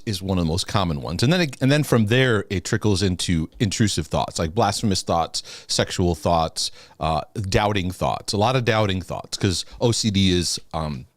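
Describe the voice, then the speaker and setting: A man with a fairly low voice hosts a live Q&A in a loose, chatty way. He laughs easily, stumbles and restarts his phrases as he talks to viewers. The sound is dry and close, with almost no room around it. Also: no room sound. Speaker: host of a live Q&A. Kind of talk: casual live-stream chat.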